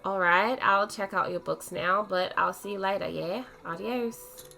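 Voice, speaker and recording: A woman's voice: mid-range voice, unhurried, gravelly, pushed and bright, faint music behind. A woman voicing a chatty young male metal-band shop owner with an Australian accent, reading his lines in a friendly, slangy way. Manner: laid-back, friendly slang.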